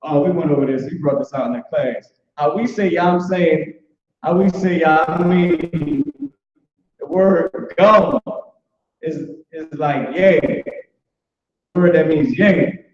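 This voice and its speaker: A man teaching an informal online language class, talking loosely with many restarts and filler words like "boom". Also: measured pace. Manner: loose, conversational, repeats "boom" and restarts often. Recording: echoey, dull online call audio.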